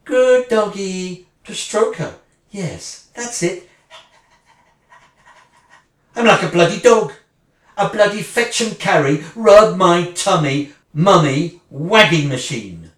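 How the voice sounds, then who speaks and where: A woman's voice: lowish voice, lively intonation, takes it slowly, long pauses. A woman playing a bitter, sarcastic wife walking out. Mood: bitter sarcasm. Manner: sarcastic, swinging between mocking and furious. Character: bitter woman leaving her husband, sarcastic and wounded. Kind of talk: dramatic monologue, one side of a phone call. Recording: roomy, distant mic.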